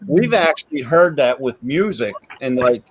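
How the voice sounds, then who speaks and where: A man's voice: medium pitch, lively intonation, moderate pace, slight background noise. A man hosting a paranormal podcast, talking casually and restarting his sentences often. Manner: chatty, repeats words when starting sentences. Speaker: podcast host. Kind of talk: casual chat.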